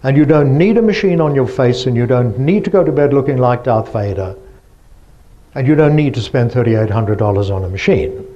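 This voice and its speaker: A man's voice: on the high side, mellow, highs cut off. A man giving a lecture presentation, explaining step by step and asking the audience rhetorical questions.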